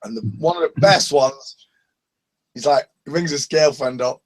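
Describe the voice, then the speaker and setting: Northern English man, animated anecdote teller, video call chat, somewhat high voice. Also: moderate pace. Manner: animated storyteller, laughs often, swears. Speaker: open mic hangout participant. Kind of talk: casual chat, anecdote telling.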